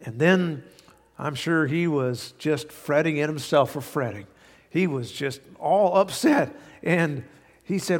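A man with a slightly high, gravelly voice preaches a sermon, pressing each point again and again and leaning on homespun stories. His voice carries a long reverb, as if from a large church hall. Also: takes it slowly. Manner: earnest, repetitive emphasis with folksy anecdotes. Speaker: pastor.

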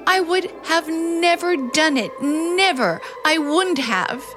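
A frightened, clinging young woman in an old radio drama, speaking high and with a wildly shifting pitch. She stammers nervously while music plays behind her. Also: expressive, takes it slowly, exaggerated voice. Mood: anxious. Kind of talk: 1940s radio acting.

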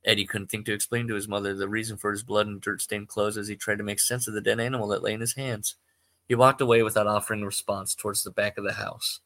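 A man's voice: lowish voice, flat delivery, fast talker, sharp tone, dry recording. A man hosting a podcast who reads amateur fiction aloud, stumbles, corrects himself, and breaks off into rambling asides. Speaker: podcast host.

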